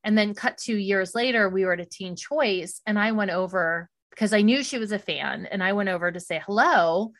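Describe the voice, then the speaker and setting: A woman's voice: mid-range voice, normal speed, few pauses. Chatty middle-aged woman telling stories. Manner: chatty storyteller, animated and laughing. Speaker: podcast co-host. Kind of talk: casual chat.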